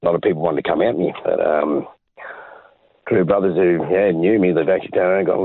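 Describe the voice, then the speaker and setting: Deep husky Australian man, tinny audio. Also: steady tone, quick pace, no room sound. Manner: rambling storyteller, reenacts dialogue. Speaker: interview guest. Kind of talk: personal testimony.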